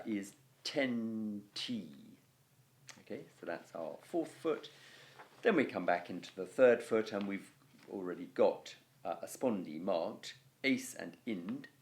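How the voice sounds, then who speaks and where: A middle-aged man with an English accent gives a video lesson on Latin verse. He talks slowly, and his pitch swings widely, like a teacher keeping students engaged. He explains things patiently and sometimes chants out the rhythm of a line. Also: lively intonation.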